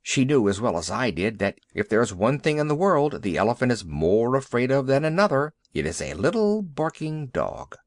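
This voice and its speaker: A man narrating a classic animal tale in an expressive, lively storytelling way. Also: mid-range voice, moderate pace, few pauses, dry recording, clean studio sound. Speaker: audiobook narrator.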